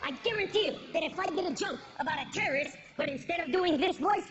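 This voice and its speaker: A woman's voice: very high voice, animated, quick pace, few pauses, music in the background. A woman performing a stand-up comedy set on stage, punching out her lines and slipping into put-on voices for her jokes. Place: stage before a live audience. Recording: lo-fi with background noise.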